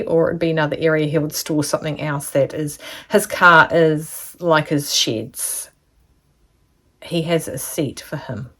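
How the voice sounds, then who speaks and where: A woman's voice: deep voice, a bit bright. Chatty middle-aged woman rambling while sewing. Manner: chatty, rambling, full of asides and little laughs. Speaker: sewing vlogger. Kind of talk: casual sewing tutorial chat.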